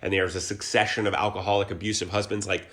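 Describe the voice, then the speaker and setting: A man's voice: deep voice, little pitch movement, quick pace, a bit bright. A man in his forties, from Ohio, talking earnestly and reflectively as an interview guest, often restarting his sentences. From Columbus, Ohio. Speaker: guest, actor and musician. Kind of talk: casual conversational interview.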